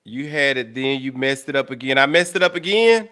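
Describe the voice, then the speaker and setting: A medium-pitched, animated voice belongs to a young livestream host talking a little fast. He chats casually with viewers and curses in loud exasperation when the tech acts up.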